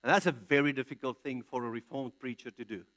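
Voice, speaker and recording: A man's voice: mid-range voice, quick pace, fairly bright tone. A man preaching an expository sermon, reading scripture aloud and answering his own questions with emphatic, punched key words. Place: large church hall.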